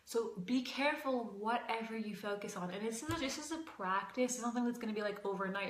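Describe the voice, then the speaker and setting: A woman's voice: mid-range voice, brisk, few pauses, slight background noise. Casual woman coaching, echoey room. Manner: casual and emphatic, repeats phrases, swears at times. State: out of breath. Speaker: life coach and spiritual teacher. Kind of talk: casual livestream teaching.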